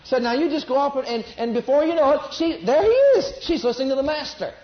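Extremely high-pitched and very animated, this male preacher talks fast through his sermon, repeating himself and questioning the congregation. The lo-fi recording is slightly muffled, with an echoey room sound.

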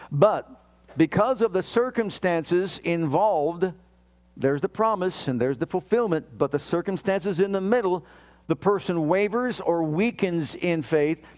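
A male preacher with a slightly high-pitched voice delivers an emphatic sermon. He reads scripture aloud, acts out the prayers he quotes, and keeps questioning his listeners. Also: darkish tone.

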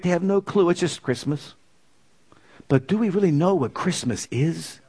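A man preaching a sermon, reading scripture slowly and swinging between raised declarations and low, quiet asides. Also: slightly rough. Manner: reads scripture with slow emphasis.

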